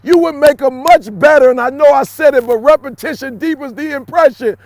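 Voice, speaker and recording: A middle-aged man giving a motivational speech to camera in a preachy way, repeating lines and swinging from shouts down to low murmurs. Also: brisk, dry recording. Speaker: motivational speaker.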